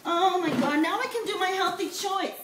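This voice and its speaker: A man playing a brash, excitable middle-aged woman with a New York accent who gushes loudly and swears casually in a comedy sketch. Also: extremely high pitch, moderate pace. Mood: gushing excited. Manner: loud, gushing, swears casually. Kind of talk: comedy sketch character monologue. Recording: echoey room with background noise.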